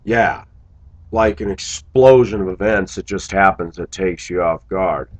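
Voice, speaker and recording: A man's voice: low voice, unhurried, low-quality recording. A man talking to his viewers in a casual vlog monologue, musing aloud and breaking into exclamations. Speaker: vlogger.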